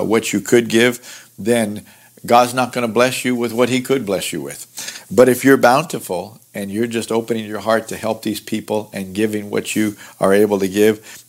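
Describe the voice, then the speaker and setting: A man teaching through a Bible passage in an earnest, conversational way, explaining verses with lively asides. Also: on the low side. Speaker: pastor teaching Bible study.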